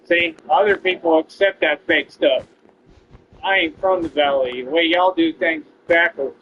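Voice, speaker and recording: His voice fairly high and his intonation fairly even, a Texan gamer rants unhurriedly at his stream viewers, bragging and picking fights. The audio is dull, lo-fi, and carries a bit of background noise.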